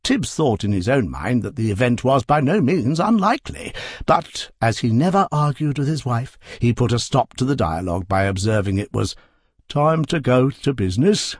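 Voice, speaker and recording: A man narrating a classic novel in an expressive, measured storytelling manner. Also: medium pitch, slightly rough, no echo, clean studio sound.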